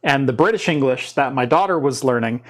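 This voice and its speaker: A man's voice: medium pitch, lively intonation, brisk. A man in his thirties with a US West Coast accent, hosting a casual tech show and rambling with restarts and fillers. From Oregon, US. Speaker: podcast host. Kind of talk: casual chat.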